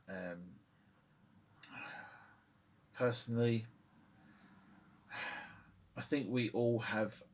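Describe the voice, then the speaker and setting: A middle-aged man talking casually to his channel in a low, husky voice. He rambles along with lots of ums and uhs. He chuckles now and then. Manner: rambling, hesitant, with many fillers and chuckles. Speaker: channel host. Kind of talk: casual opinion vlog.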